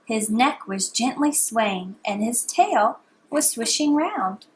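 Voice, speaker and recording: A mother reading bedtime stories aloud to her baby in a soft, hushed, sing-song manner. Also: on the high side, lively intonation, slow, a little hiss or hum.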